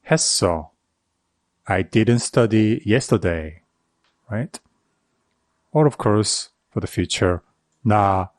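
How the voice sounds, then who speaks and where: Male language teacher, native Korean speaker, lowish voice, unhurried, dry close sound. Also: darkish tone, no room sound. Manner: checks in with "okay?" after each example. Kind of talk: slow explanatory lesson.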